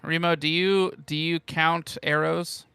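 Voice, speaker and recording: Bright, clear young man at the game table. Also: fairly high pitch, level tone, a little slow, dry recording. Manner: playful, meandering and hesitant. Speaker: player. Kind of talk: casual chat at a tabletop game.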